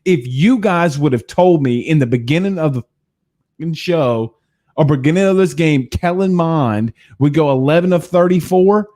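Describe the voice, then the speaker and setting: A man's voice: fairly high pitch, lively intonation, moderate pace, mellow. A man hosting a postgame sports show, ranting angrily with heavy cursing. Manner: cursing, heated and exasperated. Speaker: sports talk show host. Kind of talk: angry postgame rant.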